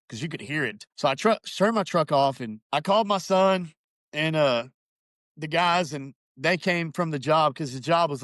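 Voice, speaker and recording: A man's voice: mid-range voice, no echo, clean studio sound. A man telling a personal story in casual chat, acting out what others said. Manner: animated, acts out quoted voices. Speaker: podcast guest.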